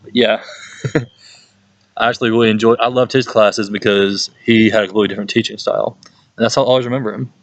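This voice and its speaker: A young man, a youth pastor telling stories in a casual, animated way and often laughing. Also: lowish voice, quick pace, pauses often, dry recording, dull audio. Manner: animated storytelling, laughs often, puts on voices for people he quotes. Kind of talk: casual talk to a youth group.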